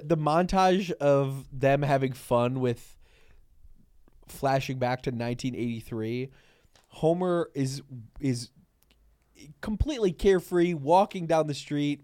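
A man's voice: medium pitch, a little slow, a little mellow, no echo. Young guy riffing on a podcast, laughs a lot, super dry sound. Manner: laughing, joking, retelling scenes animatedly. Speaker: podcast co-host. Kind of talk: casual chat.

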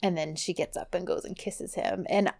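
A woman's voice: fairly low pitch, moderate pace, gravelly. A woman co-hosting a podcast, chatting casually and animatedly as she recaps a TV show, with lots of filler "likes". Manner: chatty and animated, heavy use of "like". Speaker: podcast co-host.

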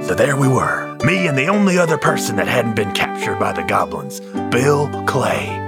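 A man's voice: medium pitch, very animated, moderate pace, over loud music. A man playing a tabletop game, telling tall tales in character with a jokey drawl. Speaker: player. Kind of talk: in-character tabletop role-play.

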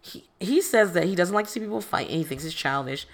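A woman's voice: fairly low pitch, animated, quick pace. A woman recapping a reality dating show in casual commentary, sarcastic and profane, with exasperated asides.

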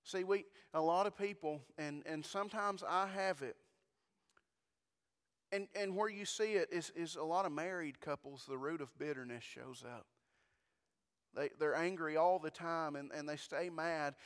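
A male pastor preaches in a clear, high voice, speaking to the congregation with folksy rhetorical questions and frequent restarts. His voice rings out with a long reverb from the church sanctuary. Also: moderate pace. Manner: conversational preaching, repeats words, rhetorical questions. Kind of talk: sermon.

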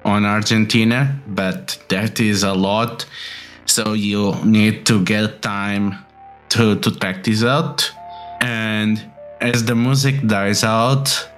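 A man runs a tabletop game in a low voice, narrating at a very slow, unhurried pace. He pauses often and searches for his words. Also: a bit bright. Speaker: game master.

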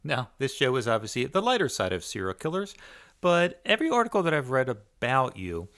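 Male host, animated pitch, hesitant, lots of ums, interviewer. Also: fairly quick. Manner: hesitant, filler-heavy questioning. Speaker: podcast host. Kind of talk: interview questions.

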